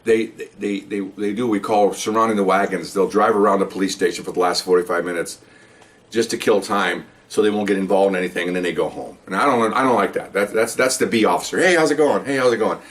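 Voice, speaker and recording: Retired cop telling a story, low voice. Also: male voice, fast talker. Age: older. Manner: animated, repeats words, frequent "okay?" asides. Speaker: retired police officer. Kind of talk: casual spoken storytelling.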